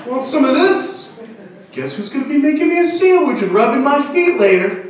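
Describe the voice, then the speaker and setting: A man's voice: very high voice, big pitch swings, normal speed, distant mic, pitched above the performer's own voice. A man voicing his bossy, taunting older sister in a stand-up routine. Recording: echoey room, mic heard from afar.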